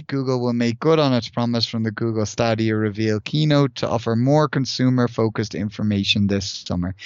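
On a dry recording with the top end cut off, a smooth, medium-pitched man co-hosts a gaming podcast. His talk wanders, full of fillers and false starts, as he reads news items aloud.

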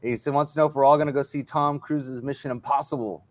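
A man's voice: mid-range voice, steady tone, quick pace, no echo. A man hosting a casual livestream, rambling and retelling stories in quoted dialogue. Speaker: livestream host. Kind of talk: casual chat.

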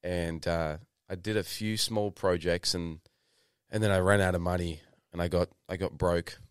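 Young Australian guy, deep and smooth, rambling storyteller, dry close mic. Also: fairly even intonation, moderate pace, no room sound. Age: 20s. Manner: rambling, lots of fillers and restarts, swears casually. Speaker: podcast guest, actor. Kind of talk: casual interview storytelling.

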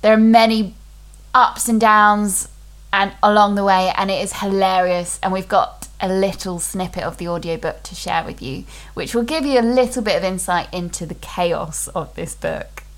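A woman's voice: medium pitch, steady tone, normal speed. A woman hosting a casual, enthusiastic book chat. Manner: chatty, enthusiastic, with fillers. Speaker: podcast host.

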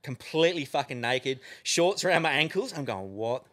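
With a voice on the higher side and a moderate pace, an Australian man appears as a podcast guest. His casual storytelling is animated and heavy with cursing.

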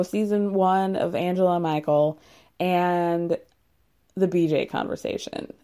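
A woman with a low, dark-toned voice chats casually about a reality show she's recapping. She's sarcastic and talkative, dropping "like" constantly.

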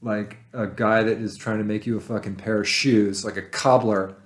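A man's voice: fairly low pitch, level tone, normal speed. A man, a writer talking as a podcast guest, rambling and swearing in a self-deprecating way. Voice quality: nerdy voice. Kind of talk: casual chat.

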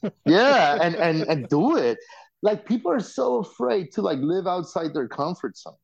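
Man, podcast guest, excitable and effusive, swears casually, muffled lo-fi recording. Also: high-pitched, normal speed, gravelly, slightly rough. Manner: effusive, excitable, loose and profane. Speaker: reality show alumnus guest. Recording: dull lo-fi sound.

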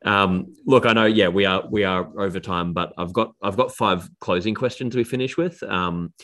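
Very deep-voiced man hosting a podcast. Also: moderate pace. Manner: relaxed, friendly, says "mate". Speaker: podcast host. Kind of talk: casual interview chat.

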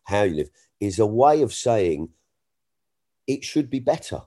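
Animated low-voiced comedian. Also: male voice, measured pace. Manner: animated storyteller, jumps in pitch for punchlines. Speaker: stand-up comedian. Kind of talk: casual podcast conversation.

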